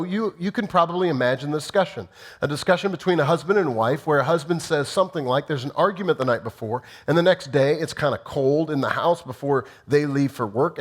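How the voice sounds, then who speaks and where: A male pastor delivering a conversational sermon, emphatic and full of rhetorical questions. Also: fairly high pitch.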